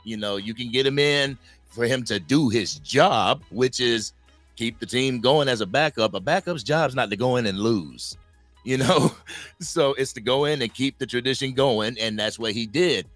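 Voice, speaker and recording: A man's voice: mid-range voice, moderate pace, a bit bright, dry recording, faint music behind. A man co-hosting casual sports talk, arguing his case in a punchy way. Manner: argumentative, punchy. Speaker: sports podcast co-host.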